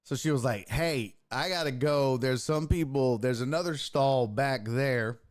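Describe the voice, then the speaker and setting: A man's voice: mid-range voice, a little slow. A man, hosting a sports talk stream and telling a long, profane story in a rambling, casual way. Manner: profane, rambling anecdote with lively impressions. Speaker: sports talk show host.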